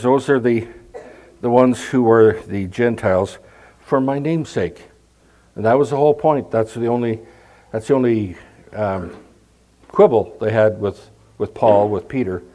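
A man's voice: medium pitch, lively intonation, a little slow, long pauses, mellow, rough recording. A middle-aged male pastor preaching a conversational sermon, with emphatic scripture readings.

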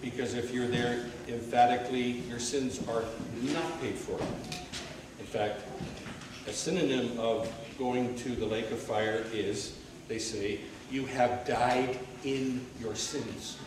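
A man preaching a sermon, swinging between loud rhetorical questions and low, quiet asides. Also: fairly even intonation, slow pace. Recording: very echoey hall, mic at a distance, faint hiss.

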